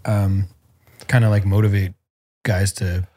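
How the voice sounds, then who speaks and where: A man's voice: low voice, flat delivery, a little slow, mellow. Casual male podcast host asking questions. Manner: informal, probing questions with fillers. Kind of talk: casual interview chat.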